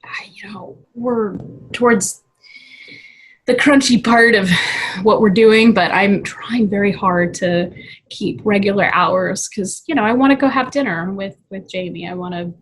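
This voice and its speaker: A woman's voice: medium pitch, measured pace, a little hiss or hum. A woman in her thirties, a guest in a casual interview, talking in a chatty way, often laughing and saying "you know". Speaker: guest, VFX artist.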